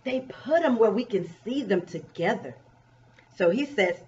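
A woman teacher giving a remote pre-K lesson, drawing out words and asking young children gentle questions. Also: on the high side, sing-song. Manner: slow, drawn-out, coaxing questions to young children. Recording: dull, distant recording.

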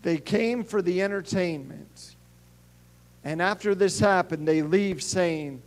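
High-voiced, slow-speaking male pastor. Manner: storytelling, shifting between hushed and emphatic delivery. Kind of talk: sermon.

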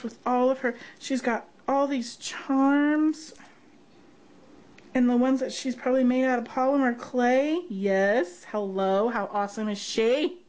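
High, gushing woman unboxing. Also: a little mellow. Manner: gushing, gasping with delight. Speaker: craft vlogger. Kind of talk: unboxing vlog.

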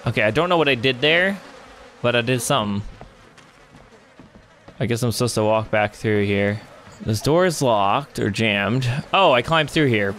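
A young man commenting on a horror game he is playing, excitable and quick to swear, breaking into panicked yelling. His voice sits at an ordinary middle pitch, with a faint noise hum in the background. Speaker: gamer. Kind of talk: let's play commentary.

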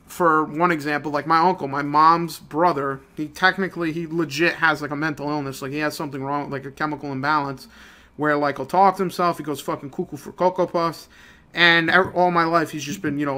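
A young man ranting in a casual, profane, rambling way, swinging between low mutters and loud outbursts. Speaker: gaming channel host. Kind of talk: casual rant over gameplay.

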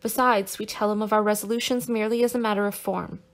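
A woman reading the lines of a calm, resolute young man in an audiobook, with a teasing edge in his delivery. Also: medium pitch, brisk, lightly acted. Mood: excited, cheerful. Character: calm, confident young man, crafty and bold.

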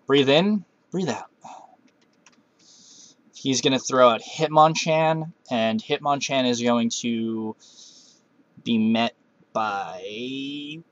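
A man's voice: medium pitch, fairly bright tone, no room sound. A man giving casual commentary while playing a video game, talking to himself and cursing at setbacks. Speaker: Let's Play gamer.

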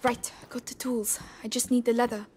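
A woman's voice: high voice, moderate pace, close to an everyday voice. A woman voicing a teenage girl in a video game, a protective older sister who scolds and pleads urgently. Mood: calm. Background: loud game music.

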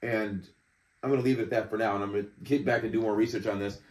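A man's voice: lowish voice, steady tone, fast, a little mellow. A man in his fifties hosting a casual commentary show, reading messages aloud with sarcastic, profane indignation and frequent laughter. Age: 50s. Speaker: host. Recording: roomy echo.

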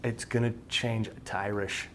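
A man's voice: on the low side, little pitch movement, normal speed, fairly bright tone, slight background noise. A man talking casually off camera on a live stream, bashful and self-conscious, laughing between remarks. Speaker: crew member on a live stream.

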